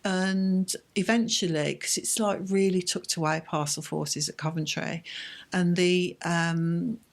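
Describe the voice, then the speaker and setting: A woman, a bereaved mother, telling her story in an interview in a halting, emotional way. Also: fairly low pitch, steady tone, vocal fry. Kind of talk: personal account in an interview.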